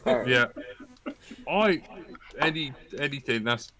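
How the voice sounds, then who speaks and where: A man's voice: mid-range voice, lively intonation, slow pace, a crowd in the background. A man co-hosting a podcast, teasing the others in casual banter. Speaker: podcast co-host.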